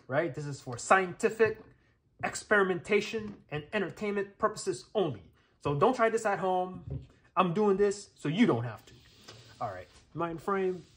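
A man running a casual hands-on tech test on camera, talking the viewer through each step with plenty of fillers. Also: high voice. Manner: chatty, thinks aloud, lots of fillers and checks. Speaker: tech reviewer. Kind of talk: casual hands-on demo commentary.

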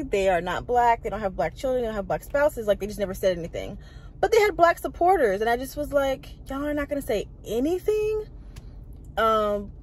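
Chatty young mom vlogging over noise. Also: female voice, fairly high pitch. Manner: animated, frank, talks with lots of "like". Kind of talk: casual vlog chat.

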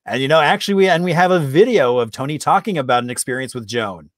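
A man's voice: mid-range voice, fast talker, dry recording, studio quality. A man hosting a casual trivia chat in an upbeat, conversational way. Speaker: host.

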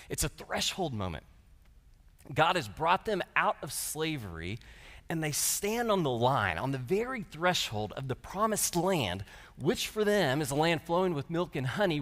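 A man preaching a sermon at a lectureship, animated and dropping humorous asides between scripture passages. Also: medium pitch. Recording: long hall reverb.

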